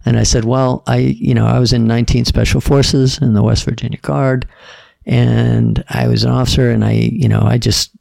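A middle-aged man, a podcast guest, telling stories in a relaxed, casual way and quoting other people's lines. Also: medium pitch, moderate pace, creaky, no echo, studio quality. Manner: laid-back storyteller, quotes others in dialogue. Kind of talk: casual storytelling.

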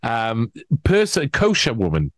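A man talking casually as a podcast guest, rambling and animated, with many restarts. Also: mid-range voice, a little slow, no echo, clean studio sound. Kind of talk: casual conversational chat.

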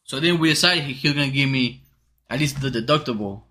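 A man casually telling a rambling story among friends, animated and profane, slipping into Spanish now and then. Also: mid-range voice, fast. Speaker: podcast co-host telling a story.

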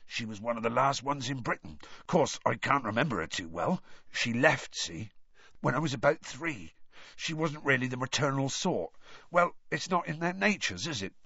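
A man voicing a gentle half-giant with a husky, quiet voice. He speaks low and earnestly, with plain country-style phrasing. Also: lively intonation, normal speed, dry recording, highs cut off, heavily acted. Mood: wistful. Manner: quiet, low and soft-spoken.

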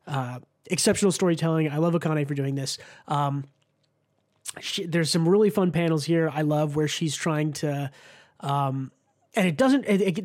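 A man's voice: fairly high pitch, darkish tone. A man hosting a casual manga podcast, chatty, with many ums and restarts.

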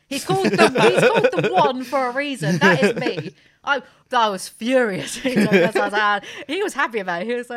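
A woman's voice: a little high, very animated, a little fast, a crowd in the background. A woman hosting a podcast in brash, joking chat, swearing freely as she banters. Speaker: podcast host.

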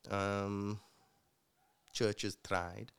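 A low-pitched man from with a gravelly, creaky edge to his voice. He talks in a casual interview, earnest and reflective, with plenty of fillers as he tells a personal story. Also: flat delivery, drawn-out words, a bit bright. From South Africa. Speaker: guest and future co-host.

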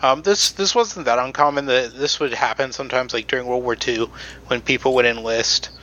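Bright-voiced man explaining with ums. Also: medium pitch, fairly quick, highs cut off. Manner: explains at length with many ums and restarts. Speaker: podcast co-host presenting research. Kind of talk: casual chat.

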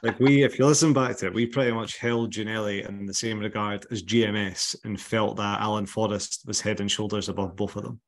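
Scottish male podcast host, low voice, wry teasing delivery. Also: little pitch movement, a little fast, hardly any pauses. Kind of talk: casual podcast chat.

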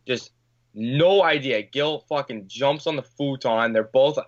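A man's voice: medium pitch, a little slow, highs cut off. Male guest, casual storyteller; loose, filler-heavy, profane delivery. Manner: rambling, filler-heavy, swears, acts out quotes. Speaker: podcast guest.

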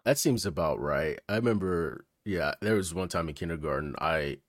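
A man's voice: low voice, normal speed, dry recording, clean studio sound. A young man hosting a casual podcast, laid-back, swearing and laughing easily. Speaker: podcast host.

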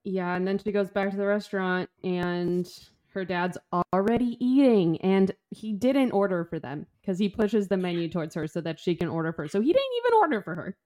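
A woman's voice: medium pitch, fairly even intonation, normal speed, hardly any pauses, warm tone. A young woman co-hosting a podcast, talking frankly and opinionated about a book, with casual swearing. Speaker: podcast co-host. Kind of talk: casual book-club chat.

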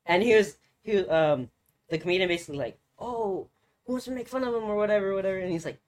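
Young male podcast co-host, lively up-and-down delivery, swears freely, laughs at himself. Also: high voice, fast talker. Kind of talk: casual chat.

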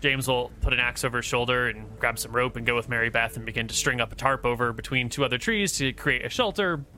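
A man acts as game master, describing scenes and calling for rolls at an easy pace. His voice is bright and forward, with plenty of filler sounds, and faint noise in the background. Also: medium pitch, fast talker. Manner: relaxed narration with frequent fillers. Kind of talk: narrating a tabletop game.

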